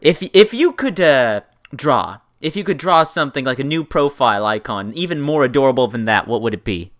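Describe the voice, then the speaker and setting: A woman's voice: very deep voice, lively intonation, a little fast. A woman hosting a casual online interview, playful and exuberant, swearing freely. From Canada. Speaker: podcast host. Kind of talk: casual video-call interview.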